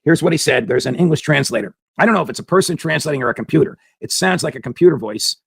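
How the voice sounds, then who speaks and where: Male commentary host, husky gravelly voice, dry close sound, emphatic and argumentative. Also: fairly high pitch, expressive, fast, no echo. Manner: emphatic, with hammering rhetorical questions. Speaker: political commentary show host. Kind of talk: opinionated commentary monologue.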